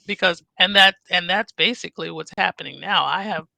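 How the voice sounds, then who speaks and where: Gravelly, forceful woman in her fifties. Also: on the low side, a little fast, no echo. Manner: frank, animated storyteller acting out dialogue. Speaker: podcast co-host. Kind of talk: casual chat.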